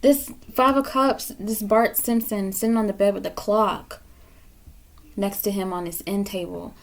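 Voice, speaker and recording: A woman reads tarot cards for her viewers. She talks bluntly and scolds a lot, swearing freely, in a voice of middling pitch. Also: fairly even intonation, measured pace, creaky. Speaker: tarot reader. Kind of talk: pick-a-card tarot reading.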